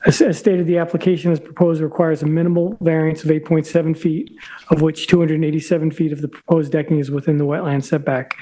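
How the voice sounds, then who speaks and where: A man presenting an application to a zoning board, hoarse and losing his voice, halting with restarts and throat clearing. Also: fairly high pitch, little pitch movement, warm tone, rough recording. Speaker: applicant's representative at a zoning hearing. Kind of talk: formal presentation at a public meeting.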